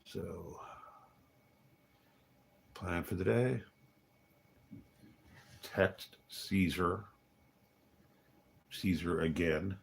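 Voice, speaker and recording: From a hotel, a man vlogs on a livestream in a low, creaky voice, speaking very slowly with long pauses, and a little hiss or hum in the audio. His casual monologue wanders, wry and grumbly, with muttered asides and quiet chuckles to himself.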